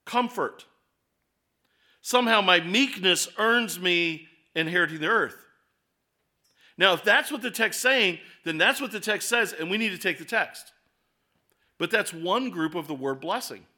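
A man preaching a sermon as pastor, explaining scripture in a conversational way and reading verses aloud, slowing down and speeding up for emphasis. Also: sits high, animated, pushed and bright.

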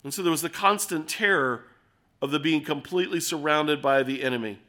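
A middle-aged man preaching an expository sermon, earnest and animated, acting out little scenes as he explains the text. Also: a little high, a little fast.

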